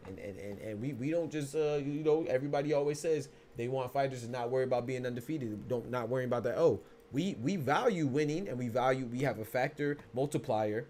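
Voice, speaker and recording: A man's voice: mid-range voice, fast, hardly any pauses, darkish tone, slight background noise. A man hosting a boxing podcast in casual, slangy livestream talk, speaking to viewers in chat.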